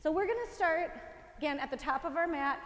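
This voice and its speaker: A woman's voice: high voice, fairly quick, long reverb tail, a little hiss or hum. A woman fitness instructor coaching a home workout, encouraging and counting reps aloud while out of breath. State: out of breath, winded.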